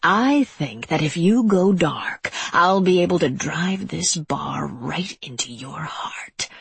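A narrator voicing a cruel male monster with a slick, wet voice, speaking slowly in hushed menace. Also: mid-range voice, animated, gravelly, breathy edge, dry recording, full character voice. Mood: whispered threat. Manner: slow, hushed, whispering menace.

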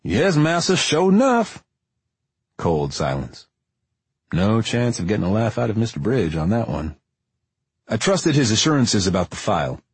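A man with a very low, husky voice reads a first-person novel aloud. His delivery is measured and deliberate, with a dry storytelling tone. The recording is close and dry, with no room sound. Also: big pitch swings, no room sound. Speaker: audiobook narrator. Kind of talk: first-person audiobook narration.

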